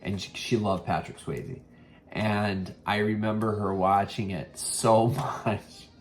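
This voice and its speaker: A man's voice: on the low side, steady tone, takes it slowly, faint music behind. A man hosting a casual thrift haul vlog, rambling with many ums and self-corrections. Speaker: vintage reseller and vlog host.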